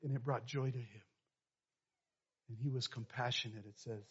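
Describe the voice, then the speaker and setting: A male pastor telling a story in a sermon, moving from quiet and soft to loud and animated. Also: medium pitch, normal speed, husky. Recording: dull lo-fi sound.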